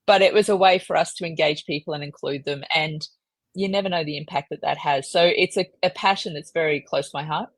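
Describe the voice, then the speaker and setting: A woman, a podcast guest, telling stories in a lively, self-mocking way and laughing often. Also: low-pitched, fairly quick, dry recording. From Australia. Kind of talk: casual storytelling in a podcast interview.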